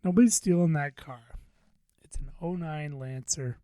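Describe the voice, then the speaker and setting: A man's voice: a little high, moderate pace, mellow, dry recording. A man hosting a podcast, telling a story in a rambling, profane, self-deprecating way. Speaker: podcast host. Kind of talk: casual venting monologue.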